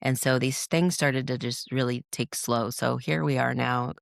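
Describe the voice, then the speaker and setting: A woman's voice: a bass voice, steady tone, normal speed, vocal fry, no room sound, studio quality. A woman guest on a podcast, telling her own story in an earnest, reflective way, with frequent restarts. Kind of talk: candid interview storytelling.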